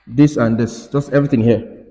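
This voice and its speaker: A man's voice: mid-range voice, steady tone, normal speed, dark tone. A male engineering lecturer teaching a classroom lecture, repeating himself and urging students to listen. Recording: reverberant hall.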